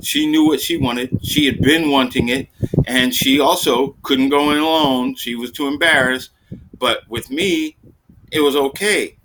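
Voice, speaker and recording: A man doing seated stand-up, telling a profane story in an animated way and jumping into high, exasperated outbursts. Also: a little slow, noisy background. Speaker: stand-up comedian.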